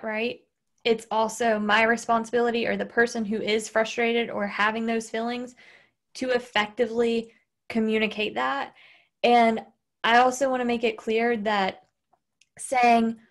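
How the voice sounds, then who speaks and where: A woman hosting a podcast, talking casually and animatedly with her husband, swearing freely and acting out angry outbursts. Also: on the high side. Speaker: podcast host. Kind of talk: casual conversation.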